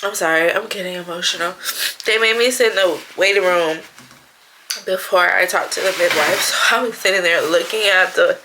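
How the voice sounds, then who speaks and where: Woman vlogger, 30s, bright and forceful tone, lowish pitch, chatty storyteller. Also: slight background noise. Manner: chatty storytelling, acting out quotes. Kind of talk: casual personal vlog.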